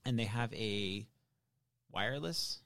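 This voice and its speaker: A man telling a long story in casual, animated chat, swearing now and then. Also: lowish voice, slow pace, no room sound, clean studio sound.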